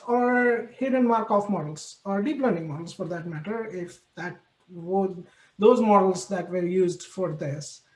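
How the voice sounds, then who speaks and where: A woman giving a university talk, thoughtful and hesitant, with many pauses as she thinks aloud. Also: a little high. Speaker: lecturer. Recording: echoey room.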